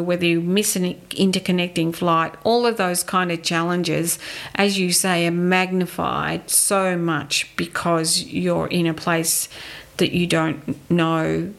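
A middle-aged Australian woman chatting on a podcast, her voice husky with vocal fry and pitched on the low side. She tells her stories in a vivid, anecdotal way. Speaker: podcast co-host. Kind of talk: casual chat.

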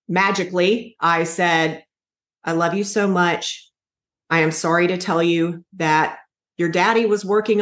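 A woman's voice: on the low side, a bit bright. Earnest woman in an echoey room. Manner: earnest, halting with restarts. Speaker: guest. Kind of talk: emotional personal storytelling.

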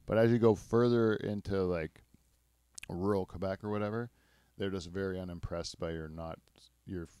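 Rambling man, low voice. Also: steady tone, normal speed, dark tone, clean tone, dry recording, clean studio sound. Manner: rambling, laughs often, self-mocking. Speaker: podcast host. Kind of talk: casual chat.

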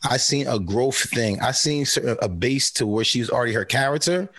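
A man's voice: medium pitch, animated, fairly quick, fairly bright tone, husky. A man from New Jersey co-hosting a podcast, talking in a laid-back, slangy way and laughing often. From New Jersey, USA. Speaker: podcast co-host. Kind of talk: casual chat.

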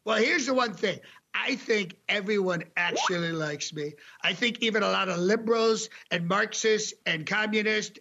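A man's voice: sits high, vocal fry, pushed and bright, dull audio, full character voice. A man doing a comedic impression of a brash older male president who brags, rambles and hands out mocking nicknames. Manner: bragging, rambling, name-calling.

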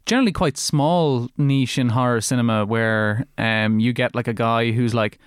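A man's voice: medium pitch, normal speed, clear, resonant tone, no echo, clean studio sound. Rambling man discussing films. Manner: rambling, many fillers and restarts. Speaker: podcast co-host. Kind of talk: casual film discussion.

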